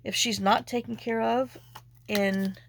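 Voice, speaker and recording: A woman's voice: fairly high pitch, steady tone, unhurried, gravelly, a little hiss or hum. A woman chatting casually as a craft vlogger, telling a rambling, emotional story and sometimes dropping to near-whispers.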